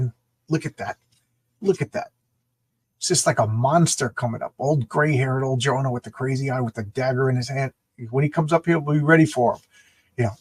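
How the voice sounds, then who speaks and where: A man's voice: mid-range voice, breathy edge. A man hosting a casual comic book show, enthusiastically reading and rambling over old panels. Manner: enthusiastic, rambling, laughs and restarts often.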